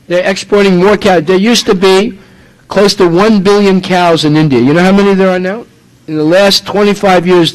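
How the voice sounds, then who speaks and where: A man's voice: high voice, rough recording. A man from the United States preaching a sermon, emphatic and full of rhetorical questions.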